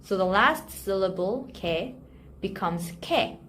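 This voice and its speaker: A woman teaching a language lesson, repeating example sentences slowly and carefully before translating them. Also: mid-range voice, animated, a bit bright. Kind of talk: slow, clear language lesson. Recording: faint background noise.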